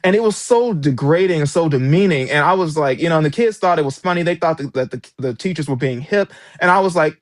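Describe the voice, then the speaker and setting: A man's voice: a little high, expressive, fast, few pauses, no room sound. Indignant man telling a story, dry sound. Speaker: author and former substitute teacher. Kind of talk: interview guest recounting experiences.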